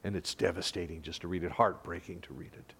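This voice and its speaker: A man preaching a sermon as a pastor, lively, rising loud for quoted lines and dropping to hushed tones. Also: low-pitched, quick pace, gravelly, slightly rough.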